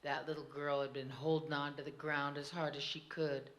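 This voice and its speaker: A woman telling a traditional story to an audience, animated and quick to laugh. Her voice sits low yet sounds bright and clear, with the easy rhythm of oral storytelling. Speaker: tribal storyteller on a panel.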